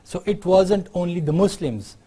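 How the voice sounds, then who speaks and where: A man's voice: sits high, expressive, moderate pace, mellow, breathy edge. A man from Pakistan with a Pakistani accent, giving a university lecture in an explanatory way and often checking in with the class through tag questions.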